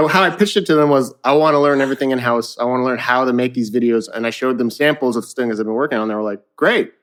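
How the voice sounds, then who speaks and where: Animated young man telling stories. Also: medium pitch, fast talker. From Canada. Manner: animated storyteller, laughs a lot, swears casually. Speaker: guest musician. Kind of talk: casual interview chat.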